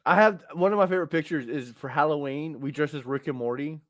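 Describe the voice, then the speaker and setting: His voice is on the high side and a bit bright, and he talks quickly while hosting a podcast. In his thirties, he tells crude stories packed with punchy asides, captured in a dry, clean studio recording.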